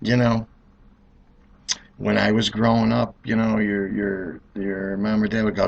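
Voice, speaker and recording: A middle-aged man telling comedic stories in a rambling, animated way, acting out voices. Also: fairly low pitch, measured pace, creaky, long pauses. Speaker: car dealer telling stories. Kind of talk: comedic monologue.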